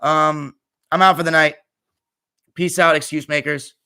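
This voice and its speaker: Tired young man, bright casual chat. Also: fairly high pitch, fairly even intonation, measured pace, smooth. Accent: American. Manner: tired, offhand, trails off quietly at phrase ends. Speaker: podcast host reading live chat. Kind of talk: casual live-stream chat.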